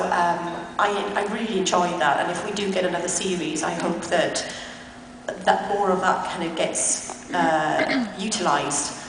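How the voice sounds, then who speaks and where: A woman at a convention panel, telling lively anecdotes between bursts of laughter. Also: on the low side. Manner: animated, laughing storyteller. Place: large convention hall. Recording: echoey hall from far off, loud crowd noise. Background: loud crowd and hall noise.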